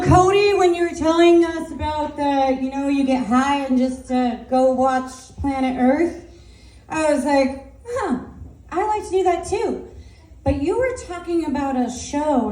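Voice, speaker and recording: High-voiced woman doing rambling stand-up. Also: a little slow. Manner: loose rambling storytelling with frequent fillers and laughs; loud, asks if she should tone down her voice. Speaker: stand-up comedian. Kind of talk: open-mic stand-up storytelling. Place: small live venue with an audience. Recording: roomy sound from a distance.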